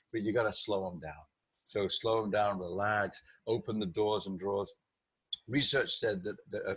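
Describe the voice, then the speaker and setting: A middle-aged man with a low, husky voice, coaching as a guest on a podcast. He talks in an animated way, often restarts his sentences and acts out what clients say. The sound is dry and close. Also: no echo. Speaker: sales trainer guest. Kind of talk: podcast interview.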